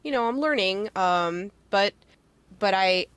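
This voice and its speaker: A woman talking as a podcast guest, chatty and full of fillers, with quick laughs. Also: mid-range voice, animated, a bit bright, clean tone. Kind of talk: casual interview chat.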